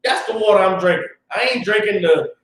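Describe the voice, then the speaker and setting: A high-voiced man with a Southern US accent preaches in a fiery, loose street style, breaking into shouts at his peaks. He stands back from the mic in a very echoey room. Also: a little fast. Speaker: class teacher. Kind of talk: preaching class, casual street talk. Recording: roomy echo, distant mic.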